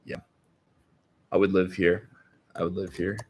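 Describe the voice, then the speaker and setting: A man casually reacting to videos and chatting with viewers in a playful, animated way. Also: low voice, measured pace.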